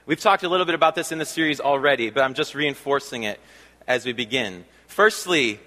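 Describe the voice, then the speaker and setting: A man giving a sermon as a pastor, talking conversationally with fillers and slowing down to stress key phrases. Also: medium pitch, sharp tone. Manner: conversational preaching with fillers and slow emphatic repeats. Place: church sanctuary. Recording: long reverb of a large hall.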